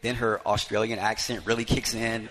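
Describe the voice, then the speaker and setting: A man coaching basketball talks through a live radio interview from a bar full of fans. His voice sits low and he rambles warmly in a folksy storytelling way, leaning on "you know" fillers. A soft hiss runs under the recording. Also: little pitch movement, normal speed.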